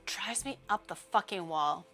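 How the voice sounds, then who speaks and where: A woman's voice: medium pitch, unhurried, bright, forceful tone, faint music behind. A woman streamer chatting casually on a livestream, ranting and swearing freely with a laugh.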